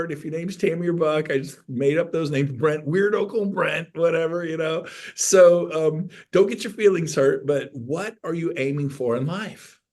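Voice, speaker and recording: A middle-aged man giving an energetic, folksy motivational talk to an audience, now and then breaking into loud outbursts. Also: a little high. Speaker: motivational speaker.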